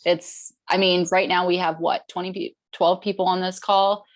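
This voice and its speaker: A woman with a notably deep voice speaks on a group call. She tells stories earnestly and encourages the group warmly. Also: little pitch movement, moderate pace. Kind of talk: casual group call chat. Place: online group video call.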